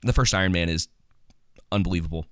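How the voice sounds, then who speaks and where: A man's voice: low-pitched, fast talker, no room sound, studio quality. A man co-hosting a podcast, chatting casually about movies in a rambling, joking way with lots of ums and restarts. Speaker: podcast co-host.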